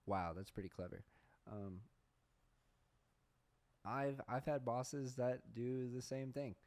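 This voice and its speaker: A man hosting a podcast, talking in a casual, profane, deadpan sarcastic monologue. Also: mid-range voice, slow. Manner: deadpan sarcastic, profane, says "bro" a lot. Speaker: podcast host.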